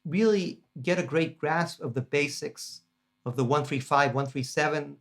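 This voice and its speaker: A man's voice: fairly high pitch, moderate pace, a bit bright. A man teaching guitar harmony in a casual, chatty lesson, enthusiastic and full of fillers and restarts. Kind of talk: casual lesson demonstrating a practice app.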